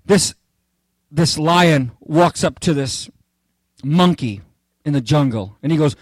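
Animated high-voiced male preacher. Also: takes it slowly, pauses often, no room sound. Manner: animated and theatrical, joking with the congregation. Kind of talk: expository sermon.

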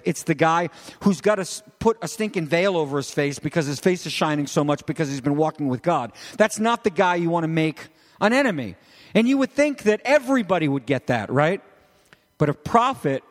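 A man preaching a sermon in an animated, conversational way, tossing rhetorical questions at the congregation. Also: on the high side. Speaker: pastor. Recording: long reverb of a large hall.

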